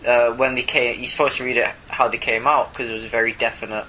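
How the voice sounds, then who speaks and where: A man's voice: medium pitch, level tone, fast, bright, forceful tone, slight background noise, poor audio. A man co-hosting a casual podcast, chiming in with short remarks and hesitant fillers. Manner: brief interjections, hesitant with fillers. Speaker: podcast co-host. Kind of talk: casual chat.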